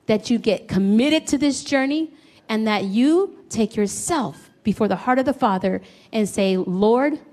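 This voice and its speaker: A middle-aged woman preaching a sermon, telling a personal story and acting out the dialogue in it. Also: mid-range voice. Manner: animated, acts out quoted dialogue.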